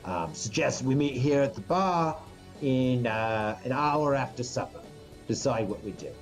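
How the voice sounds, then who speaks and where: Man, game master, halting narration, lots of restarts, faint background music. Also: medium pitch, expressive. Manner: halting, full of ums and restarts.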